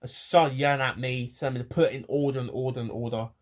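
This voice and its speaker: A man talking to his camera in a personal rant vlog, his voice at an ordinary middle pitch. He rambles and halts, restarting sentences and repeating words. He sounds emotional, close to tears. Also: steady tone, fast talker. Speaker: vlogger.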